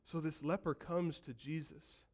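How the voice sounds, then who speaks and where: A man preaching a sermon, telling the story vividly and acting out voices, building from quiet to loud calls. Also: on the high side, fairly even intonation, unhurried, husky. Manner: storytelling preacher, acts out quotes and builds to shouts. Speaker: pastor.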